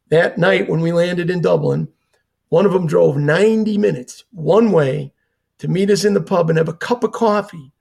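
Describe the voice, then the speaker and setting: Older man, gravelly, husky, earnest storytelling, acts out quoted lines. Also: sits high, a little mellow. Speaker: retired fire chief, guest. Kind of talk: storytelling in a conversation.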